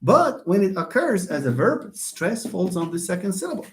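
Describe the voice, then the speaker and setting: A man teaching English word stress in an online lecture, drawing out words slowly and with emphasis. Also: high voice, big pitch swings. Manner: slow, emphatic, drawn-out words.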